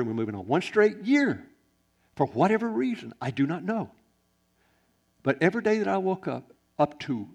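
Male pastor, gravelly tone, swings from loud bursts to near-whispers, sermon delivery. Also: medium pitch. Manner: animated preaching, swings from loud exclamations to hushed quiet.

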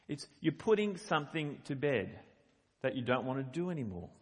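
Speaking at a normal pace, a middle-aged man delivers a sermon, reading scripture and explaining it in a chatty, emphatic style that stresses the quoted passages. His medium-pitched voice is very animated, slightly mellow and husky, and it echoes with long hall reverb.

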